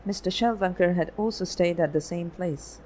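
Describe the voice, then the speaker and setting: Steady audiobook narrator. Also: mid-range voice, moderate pace, slight background noise, rough recording. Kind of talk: scripted narration.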